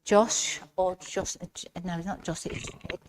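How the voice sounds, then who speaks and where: A woman's voice: lowish voice, steady tone, normal speed. A woman giving a chatty mediumship demonstration in a village hall, speaking straight to one member of the audience. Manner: chatty, speaks straight to the recipient, relays messages. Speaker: spiritualist medium. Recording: loud background noise in a hall.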